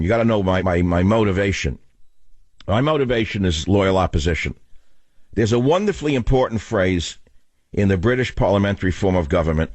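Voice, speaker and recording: A man's voice: lowish voice, a little mellow, dry recording. An older man hosting a political talk radio show, lecturing his listeners in a combative, emphatic monologue.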